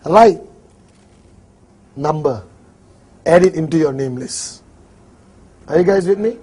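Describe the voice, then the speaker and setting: Malaysian man, seminar trainer, lively and jokey, high husky voice. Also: takes it slowly. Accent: Malaysian English. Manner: animated, jokey, acts out little dialogues. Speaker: network marketing trainer. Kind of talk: live seminar talk.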